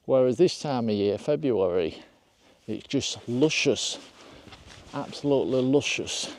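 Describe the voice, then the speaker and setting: A man's voice: mid-range voice, lively intonation, a little slow. Older man, hiking vlogger, outdoors on windy moorland, chatty, rambling, self-deprecating, talks straight to viewers. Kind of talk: casual walk-and-talk vlog.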